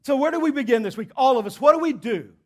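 A male pastor preaching a sermon in a church, emphatic and repeating his key points, swinging between loud and hushed delivery. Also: extremely high pitch, expressive, fast talker, slightly rough.

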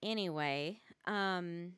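A woman's voice: on the low side, extremely slow, a bit bright, smooth, dry recording, clean studio sound. A woman hosting a casual solo podcast from her rural home, rambling and often stumbling over her words and restarting. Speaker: podcast host.

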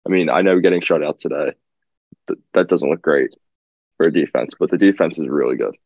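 A man's voice: a bass voice, fairly quick, a little mellow, no echo, dull audio. A young man co-hosting a podcast, laid-back and hesitant, often repeating himself. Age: young adult. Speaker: podcast co-host. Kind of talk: casual chat.

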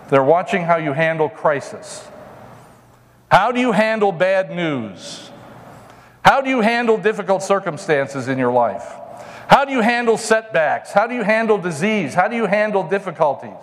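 A man's voice: high-pitched, long reverb tail. A pastor preaching a conversational sermon to his congregation in a church, now and then mocking a whiner in a put-on voice. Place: church sanctuary.

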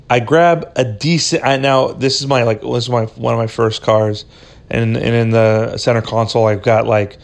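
A man hosting a podcast, telling a personal story in a loose, rambling way, swearing freely and leaning on "dude" and "right?". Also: medium pitch. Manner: profane, rambling, says "dude" and "right?" often. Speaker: podcast host. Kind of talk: casual storytelling.

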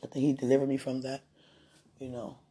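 A woman in a casual, rambling monologue, playful and laughing often, swinging from loud bursts to soft murmurs. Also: rumbling low, level tone, a little fast, breathy edge.

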